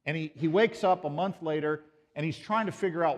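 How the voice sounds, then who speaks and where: A man giving an animated lecture at a conference, joking with and quizzing a live audience. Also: fairly high pitch, a little fast, hardly any pauses. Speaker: conference speaker. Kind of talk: pro-life apologetics lecture.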